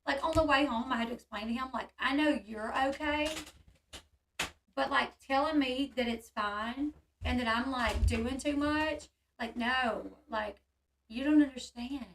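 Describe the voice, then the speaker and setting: A woman with a high, bright voice tells a story in a casual hangout chat. She gets animated and acts out the quoted voices. She sounds a little distant from the mic. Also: measured pace, slight background noise. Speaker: channel host.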